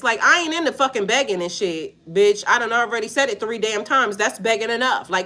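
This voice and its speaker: A woman's voice: on the high side, a little fast, few pauses, bright, forceful tone. A woman spiritual reader in casual livestream chat, blunt and profane, laughing often and talking straight to her viewers. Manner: slangy, repetitive, talks to chat.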